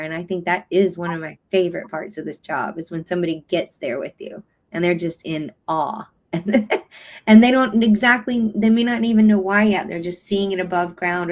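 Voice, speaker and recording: A woman guest in a casual livestream conversation, telling stories with warm enthusiasm and open emotion. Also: lowish voice.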